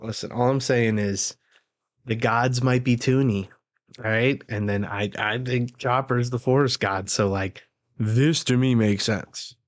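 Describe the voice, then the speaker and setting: A man's voice: medium pitch, steady tone, measured pace, no echo. A man hosting a casual live manga reaction, using loose slang and laughing between remarks as he reads aloud.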